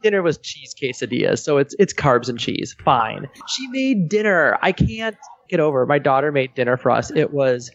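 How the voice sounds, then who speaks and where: A man's voice: medium pitch, big pitch swings, moderate pace, no echo. A man co-hosting a parenting podcast, telling stories in a casual, upbeat, self-mocking way. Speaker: podcast co-host. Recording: dry, dull lo-fi sound.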